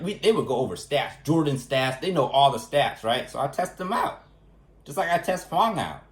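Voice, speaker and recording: A man ranting in a casual vlog, animated and indignant, repeating phrases for emphasis. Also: on the high side, reverberant. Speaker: vlogger. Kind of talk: casual storytelling rant.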